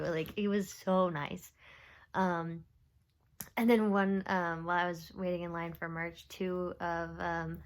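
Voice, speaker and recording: A woman's voice: fairly low pitch, level tone, moderate pace. A young woman talking casually in a confessional vlog, rambling and oversharing with lots of fillers, sometimes dropping to a whisper. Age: young adult. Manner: rambling, oversharing, with frequent fillers and soft laughs. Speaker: vlogger.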